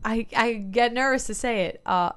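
A woman co-hosting a relaxed podcast conversation. She sounds upbeat, asks playful questions and laughs easily. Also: on the high side, moderate pace, smooth. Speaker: podcast co-host. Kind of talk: casual chat.

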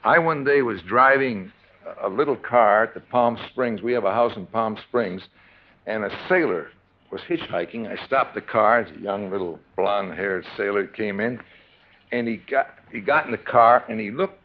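A middle-aged man, a film star, being interviewed on stage and telling lively anecdotes in which he acts out the other people. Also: lowish voice, moderate pace. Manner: animated storyteller who acts out the people in his stories. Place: film theatre stage before an audience. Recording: dull archive recording with faint hiss.

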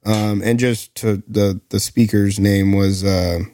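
Measured male podcast co-host. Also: lowish voice, fairly even intonation, warm tone, no echo. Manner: measured, with many "uh" pauses. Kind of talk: casual chat.

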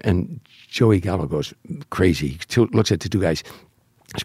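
An older comedian talks in a low, husky voice as he tells his story. He slips into the voices of the people in it, and the sound is close and dry, with no room around it. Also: normal speed, no room sound. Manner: animated storyteller, acting out quoted voices. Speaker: comedian guest telling stories. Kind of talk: casual storytelling.

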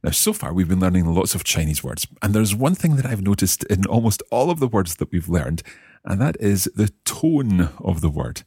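A man's voice: low voice, very animated, moderate pace, warm tone, slightly rough, dry recording, studio quality. A man hosting a language lesson podcast, curious and carefully repeating words after his teacher. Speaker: host and learner.

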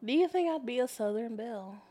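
A woman's voice: on the high side, animated, fairly quick, mellow. A woman in her thirties co-hosting a casual podcast with her sibling, teasing, swearing freely and laughing. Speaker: podcast co-host. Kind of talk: casual chat.

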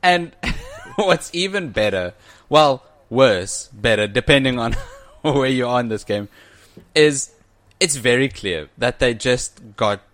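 A man's voice: medium pitch, expressive, slow, fairly bright tone, no room sound. A man co-hosting a podcast in casual chat, playful and prone to laughing mid-sentence. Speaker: podcast co-host.

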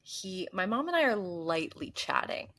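A young woman from the US East Coast, co-hosting a podcast in casual chat and telling animated stories, mimicking voices and gasping. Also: medium pitch, moderate pace. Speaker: podcast co-host.

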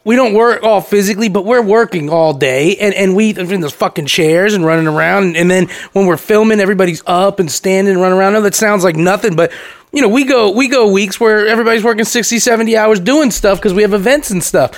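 A man's voice: sits high, quick pace. A man co-hosting a podcast, chatting casually, swearing and teasing the other host. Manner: loose, profane, chiming in with teasing jokes. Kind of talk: casual chat.

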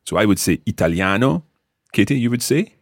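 In a podcast language lesson, a Scottish host and teacher with a very low, husky voice patiently explains and repeats each word, his pitch rolling up and down a lot. He's animated and fairly quick. The recording is close and dry, with no echo.

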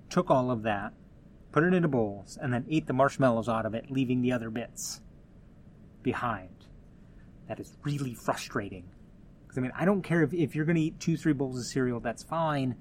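A man's voice: medium pitch, slight background noise. Casual man talking on his own podcast. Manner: conversational, rambling with frequent restarts and asides. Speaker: podcast host. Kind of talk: casual solo podcast talk.

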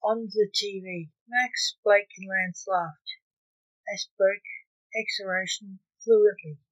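A woman's voice: medium pitch, steady tone, slow, no echo, low-quality recording. A woman, the author, reading her own story aloud and giving the characters voices. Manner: reads narration and does character voices. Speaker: author and narrator.

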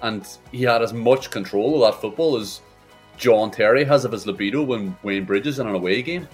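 A man's voice: fairly low pitch, moderate pace, soft background music. A man co-hosting a casual football podcast, riffing in a sweary, mocking comic way. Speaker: podcast co-host.

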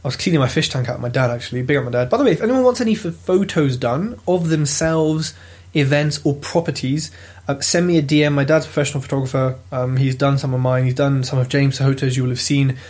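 A British man telling a property auction story in a lively, casual vlog, swearing freely as he goes. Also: mid-range voice, quick pace. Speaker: property investor vlogger. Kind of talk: casual chat.

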